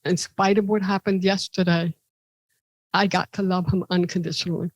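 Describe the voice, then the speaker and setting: On a low-quality recording with no room sound, a woman from Ohio, USA, speaks at a normal pace as a podcast guest. She tells personal stories animatedly, acting out the voices of the people in them with big pitch jumps.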